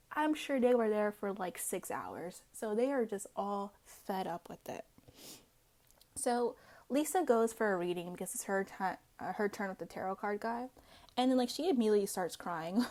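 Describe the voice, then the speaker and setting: Female recap host, casual chatter, gravelly fry in the voice. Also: mid-range voice, dark tone. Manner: chatty, filler-heavy, acts out quotes.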